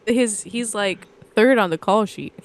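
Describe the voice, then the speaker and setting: A woman's voice: medium pitch, measured pace, a little hiss or hum. A young adult woman co-hosting a casual movie podcast, rambling through trivia and anecdotes. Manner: rambling storyteller, reads trivia aloud. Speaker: podcast co-host.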